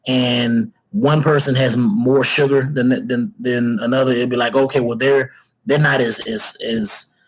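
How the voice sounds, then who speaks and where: A middle-aged man hosting his own fatherhood channel, giving a casual solo rant full of pauses, fillers and restarts. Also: medium pitch, steady tone, low-quality recording. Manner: hesitant, many fillers and restarts.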